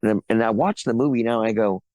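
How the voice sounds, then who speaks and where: Low-voiced rambling middle-aged man. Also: fast, darkish tone, no echo. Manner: rambling storyteller, laughs between stories. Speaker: guest actor. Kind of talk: casual podcast anecdotes.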